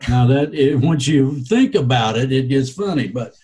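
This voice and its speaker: A man's voice: mid-range voice, lively intonation, normal speed, dark tone, slightly rough, rough recording. A man giving casual podcast answers, hesitant and rambling with many fillers and a dry, wry humor. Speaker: guest.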